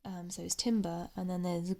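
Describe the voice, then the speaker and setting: A young English woman speaking softly in ASMR style, murmuring to herself as she tries to recall names. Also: fairly low pitch, steady tone, moderate pace. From England. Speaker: ASMR creator. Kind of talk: soft-spoken ASMR.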